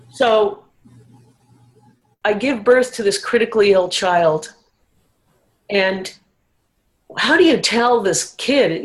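A woman's voice: medium pitch, low-quality recording. A woman speaking as an interview guest, telling a personal recovery story in a candid, emotional way.

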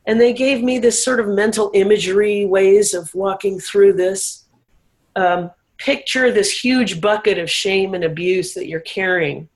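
A woman's voice: mid-range voice, a little slow, poor audio. A woman speaking as an interview guest, telling a personal recovery story in a candid, emotional way.

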